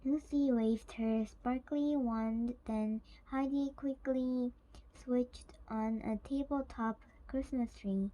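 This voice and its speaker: Woman reading a kids book out loud, real slow, soft mellow voice. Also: a little high, fairly even intonation, poor audio. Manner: slow, careful, gentle reading. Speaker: storyteller. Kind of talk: reading a children's book aloud.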